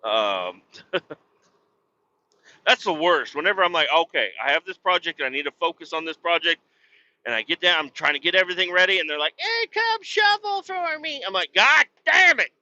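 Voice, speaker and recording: Bright-voiced, profane man rambling casually. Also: fairly high pitch, moderate pace, pauses often, dull audio. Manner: profane, self-deprecating, laughs often. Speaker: podcast host.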